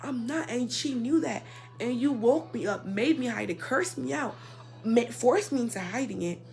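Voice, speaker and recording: A young woman telling a personal story in a casual, indignant rant, swinging between loud outbursts and quiet asides. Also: a little high, lively intonation, normal speed, gravelly. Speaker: storyteller vlogger.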